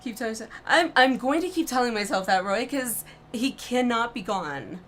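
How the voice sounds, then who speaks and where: A young adult woman streaming a game, reacting out loud and talking herself through tense moments. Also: a little high, lively intonation, moderate pace, a little hiss or hum. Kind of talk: emotional let's-play reaction.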